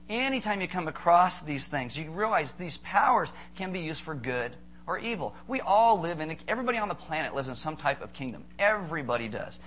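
With a little hiss or hum in the audio, a pastor delivers an animated sermon, his voice a little high. He keeps asking rhetorical questions and joking with the congregation.

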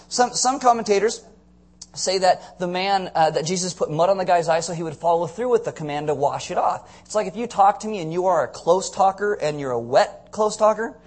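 Animated male preacher, slightly high voice. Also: brisk. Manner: animated, acts out characters with comic voices. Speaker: pastor. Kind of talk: sermon.

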